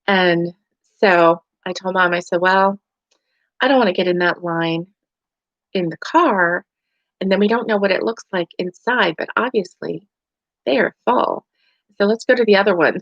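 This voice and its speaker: A woman's voice: mid-range voice, dry recording. A middle-aged woman with a Southern US accent, hosting a casual live crochet chat at home, rambling and tired, with many fillers. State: tired and yawning. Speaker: crochet livestream host. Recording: dry, dull lo-fi home stream.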